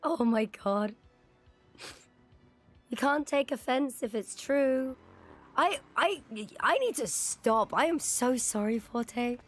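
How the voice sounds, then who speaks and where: A British woman with a slightly high voice trades playful, swearing banter. She laughs easily while she streams a police roleplay game. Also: animated, slow pace, pauses often, faint music behind. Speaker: streamer playing a police officer.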